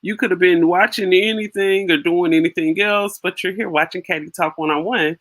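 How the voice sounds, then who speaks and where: A woman's voice: fairly low pitch, steady tone, brisk. A woman hosting her own channel, giving casual spoken commentary on a video clip and often repeating words as she thinks aloud.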